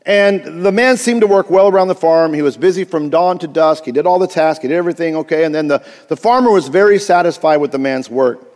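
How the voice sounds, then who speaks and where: A man's voice: a little high, a little fast, hardly any pauses, darkish tone. Man preaching a sermon in a hall. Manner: storytelling, with frequent restarts and "you know". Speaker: pastor.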